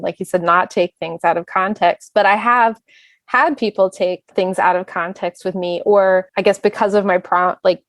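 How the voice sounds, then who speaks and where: A woman who is a singer and bandleader, chatting as a guest in a relaxed, reflective way. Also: mid-range voice, dry recording. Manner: chatty, reflective, speeds up when listing plans. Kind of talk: casual conversation.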